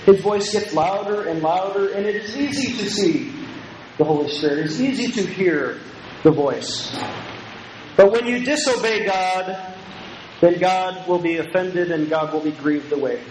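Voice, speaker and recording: High-voiced man preaching in an echoey hall. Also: unhurried, crowd noise. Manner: emphatic, repetitive preaching with call-and-response. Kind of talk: Bible lecture sermon. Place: lecture hall. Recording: echoey room with faint noise.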